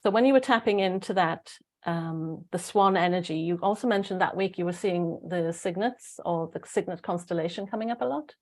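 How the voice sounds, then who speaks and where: Casting: Welsh woman host, lowish voice, chatty, rambling, restarts mid-sentence. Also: a little fast, a little mellow. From Wales. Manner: rambling, searching for words, frequent restarts. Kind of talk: casual spiritual group chat.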